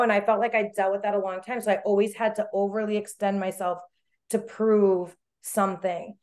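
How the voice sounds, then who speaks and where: A woman's voice: medium pitch, fairly even intonation, brisk. A woman guest in a casual interview, earnest and reflective, talking sincerely about her work. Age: adult, with a daughter. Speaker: guest, business owner.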